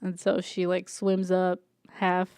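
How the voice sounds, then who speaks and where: A woman's voice: on the low side, monotone, slow pace, a little mellow, clear, resonant tone, no room sound, studio quality. A young woman co-hosting a podcast, recapping a TV show in casual chat, full of "like" and acted-out character lines. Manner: chatty, lots of "like", acts out characters' lines. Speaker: podcast co-host.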